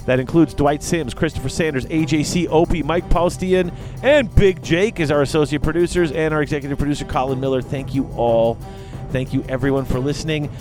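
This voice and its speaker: A male podcast host, his voice on the high side, talks fairly quickly over background music. The chat is casual, and he's animated, rambling, and self-correcting throughout.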